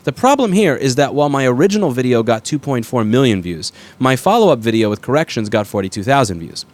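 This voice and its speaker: A man's voice: mid-range voice, sing-song, fast talker. A man who is sick with a fever, talking in a blunt, rambling, self-correcting way as he hosts a commentary video, now and then swearing. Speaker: repair shop owner and video host. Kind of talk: casual rambling commentary to camera.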